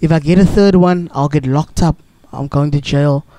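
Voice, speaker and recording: A man's voice: fairly high pitch, fairly even intonation, normal speed, mellow, dry recording, pitched below the performer's own voice, close to an everyday voice. A man voicing a nervous, apologetic taxi driver. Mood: pleading. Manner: pleading, apologetic.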